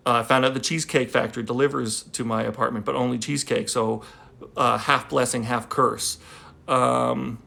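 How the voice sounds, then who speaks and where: A man's voice: medium pitch, fairly even intonation, moderate pace, gravelly, pushed and bright. A man who talks casually on a livestream, rambling and joking with many fillers, then reads a poem aloud. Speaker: poet. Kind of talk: casual live-stream chat and poetry reading. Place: at home. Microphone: phone livestream.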